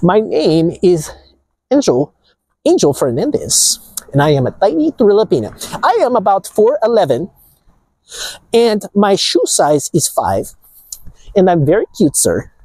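A man's voice: high-pitched, huge pitch swings, a little slow, pauses often, mellow, slightly rough, no room sound, voice pushed up, heavily acted. A man putting on the voice of a petite young woman, introducing herself in a mock-sweet way.

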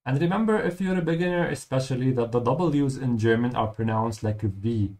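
A man's voice: medium pitch, a little mellow. Male language teacher, patient, explanatory, playthrough lesson. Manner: patient, explanatory, repeats words slowly.

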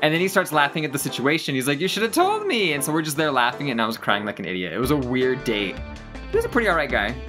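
A let's play gamer rambling through a personal story in animated, self-deprecating casual commentary. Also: medium pitch, very fast, over music.

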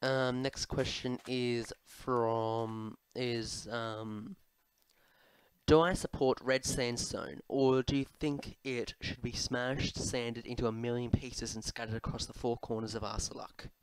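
Rambling young man, smooth voice. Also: mid-range voice, steady tone, takes it slowly, low-quality recording. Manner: rambling, self-mocking, frequent ums and restarts. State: sore throat. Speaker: gaming video host. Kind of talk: casual commentary while playing.

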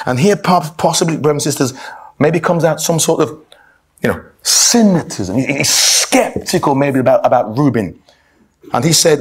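In a sermon-style Bible talk, a man reads scripture aloud and calls the congregation brothers and sisters, frequently restarting his words. His voice is a little high and animated with a breathy edge, moving at a normal speed.

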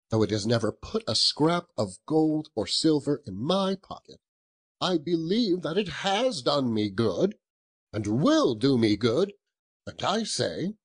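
A man voicing a cheerful, earnest young nephew in a storybook reading, pleading with soft laughs. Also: mid-range voice, slightly rough, voice pushed up, full character voice. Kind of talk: audiobook character voice.

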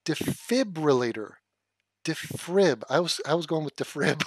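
A man's voice: fairly high pitch, sing-song, a little slow, a bit bright, husky, dry recording. A man streaming live, swearing as he rants and stumbling over a hard word while laughing at himself. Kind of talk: casual livestream commentary.

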